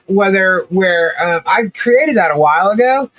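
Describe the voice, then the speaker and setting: Laughing, chatty woman streamer. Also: medium pitch. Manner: animated, laughs often, chatty and quick asides. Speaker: livestream commentary host. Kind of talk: casual live-stream chat, reading viewer comments.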